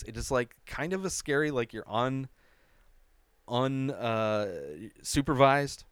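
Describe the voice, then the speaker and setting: A man hosting a movie review show, talking in an excitable, casual way, swearing freely and often asking "right?". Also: mid-range voice, slow pace, clean tone, dry recording.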